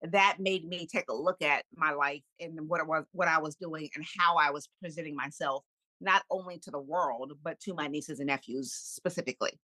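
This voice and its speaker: A middle-aged woman, a podcast guest, telling a personal story in an animated, candid way with frequent laughs. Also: deep voice, normal speed, no echo, low-quality recording. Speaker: podcast guest, kindness speaker. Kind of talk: casual storytelling interview.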